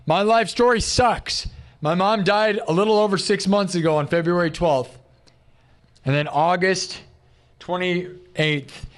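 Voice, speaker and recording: Tired guy rambling on his livestream, candid and emotional, regular mid voice. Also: mid-range voice. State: exhausted. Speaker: live streamer. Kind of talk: casual livestream chat.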